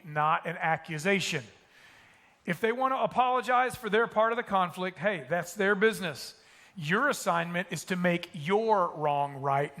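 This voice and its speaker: A man preaching a sermon as a pastor. He talks emphatically and slows down to repeat his key points. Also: high voice, a bit bright. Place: church auditorium stage.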